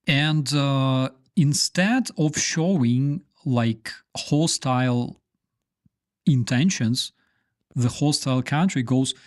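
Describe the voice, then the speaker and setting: A man's voice: medium pitch, slow pace, no room sound, studio quality. A man from Ukraine with a Ukrainian accent, a non-native English speaker, giving emphatic, sarcastic political commentary with many fillers. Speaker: YouTube commentator.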